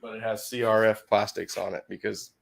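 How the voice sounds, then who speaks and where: A man's voice: fairly low pitch, little pitch movement, brisk, creaky. An older man hosting a casual live stream from his garage workshop, talking in a laid-back, rambling way.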